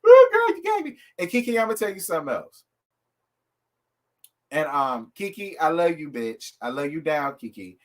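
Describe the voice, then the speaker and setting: A man hosting a casual live review from home, talking in a sassy, animated, gossipy way and calling his viewers y'all and girl. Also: fairly high pitch, normal speed, long pauses. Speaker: host of a reality TV live review show.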